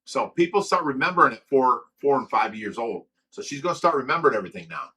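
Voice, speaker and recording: A man's voice: mid-range voice, animated, fast, bright, forceful tone, husky, poor audio. An older man and grandfather hosting a casual livestream, chatting loosely and reading viewer comments aloud with frequent laughs. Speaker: livestream host.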